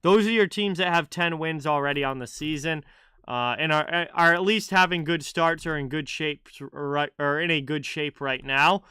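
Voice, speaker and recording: On his livestream, a hockey host chats casually at a moderate pace, greeting and replying to viewers by name. The crisp, bright voice sits slightly above typical male pitch, recorded close and dry with no echo.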